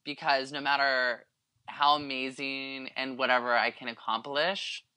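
A young man hosting a podcast in casual chat, animated and gossipy, acting out what others say. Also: mid-range voice, a little slow, clear, resonant tone, no room sound. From California. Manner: animated, gossipy, acts out quotes. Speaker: podcast host.

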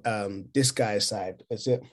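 A man co-hosting a podcast over a remote call, talking casually and haltingly, often repeating words as he thinks. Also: fairly low pitch. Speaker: podcast co-host. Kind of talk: casual discussion.

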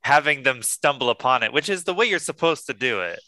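A man's voice: mid-range voice, animated, fairly quick, sharp tone, dry recording. A man co-hosting a casual podcast chat, dropping dry, teasing wisecracks. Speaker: podcast co-host.

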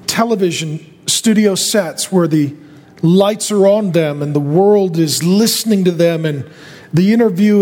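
A man preaching a fervent sermon as a pastor, building from steady talk to loud, pleading shouts. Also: sits high, long reverb tail.

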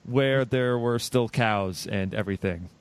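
A man's voice: on the low side, a little slow, clear, resonant tone, dry recording. A man from Massachusetts hosting a film podcast, chatting casually and rambling with many restarts and self-deprecating asides. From Massachusetts, USA. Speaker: podcast host.

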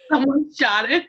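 Bright-voiced young woman, laughing guest. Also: high voice, dull audio. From Minnesota, US. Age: young adult. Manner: laughing, chatty storytelling. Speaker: guest hockey player. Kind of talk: casual podcast interview.

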